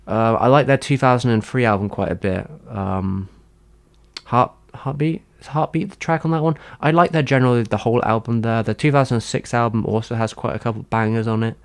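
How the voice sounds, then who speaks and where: A man's voice: medium pitch, fairly even intonation, a little fast, creaky. A man chatting casually on a livestream, answering his chat in a rambling, hesitant way with many fillers and restarts.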